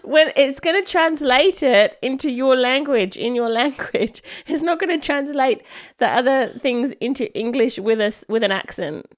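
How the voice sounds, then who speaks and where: A woman's voice: high voice, lively intonation, normal speed, few pauses. Laughing woman on a podcast. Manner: laughs often, explains patiently. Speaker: podcast co-host. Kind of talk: casual chat.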